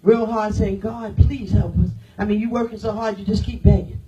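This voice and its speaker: A woman pastor preaching a sermon, firing rhetorical questions at the congregation and swinging from loud declarations to hushed, near-whispered lines. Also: mid-range voice, fairly even intonation, normal speed, distant mic, highs cut off, a little hiss or hum.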